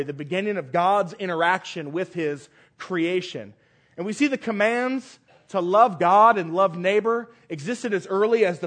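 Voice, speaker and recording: Man, pastor, sermon, high-pitched voice, earnest emphatic reading. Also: fairly bright tone. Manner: earnest preaching, reads scripture aloud with rising emphasis.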